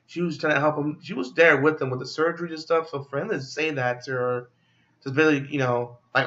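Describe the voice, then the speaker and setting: A man's voice: fairly high pitch, steady tone, fairly quick, a bit bright, lo-fi sound. A man casually recapping a film plot as a movie reviewer, rambling with many fillers and restarts.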